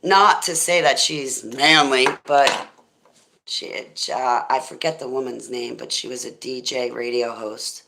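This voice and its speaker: A middle-aged woman with a deep, smoky voice, hosting a rambling, goofy livestream chat and thanking viewers as she goes. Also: steady tone, unhurried, creaky, noisy background. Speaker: livestream host.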